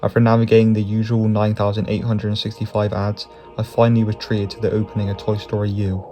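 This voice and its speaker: Low, flat-voiced man narrating with profanity. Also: a little fast, soft background music. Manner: profane, chuckling through lines. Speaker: YouTube narrator. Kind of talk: comedic scripted narration.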